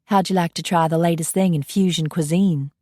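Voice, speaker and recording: A woman's voice: lowish voice, steady tone, fairly quick, dark tone, dry recording, studio quality, lightly acted. A woman reading an audiobook voices a chatty Southern belle vampire barmaid with a Southern accent and genteel manner. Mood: sweet.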